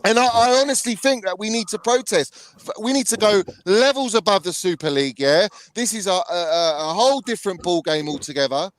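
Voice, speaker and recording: A man's voice: high voice, lively intonation, brisk. A young man hosting a heated live chat, ranting angrily, swearing and saying "bruv" a lot. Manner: angry, sweary, repeats "bruv" often. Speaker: channel host.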